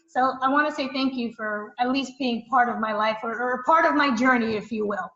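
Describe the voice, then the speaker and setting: Woman, high voice, emphatic, effusive, echoey lo-fi room. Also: fairly quick, hardly any pauses, sharp tone. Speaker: student and client giving a testimonial. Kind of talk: enthusiastic testimonial. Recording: echoey room, dull lo-fi sound.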